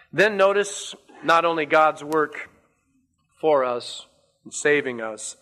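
Bright-voiced, slow, emphatic preacher. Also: male voice, a little high. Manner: emphatic, repeating key words, slow deliberate stresses. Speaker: pastor. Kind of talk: sermon.

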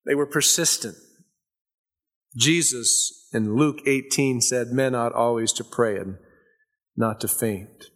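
A man preaching a sermon. He swings from soft, slow scripture reading to loud, fervent emphasis, with chatty storytelling asides. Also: mid-range voice.

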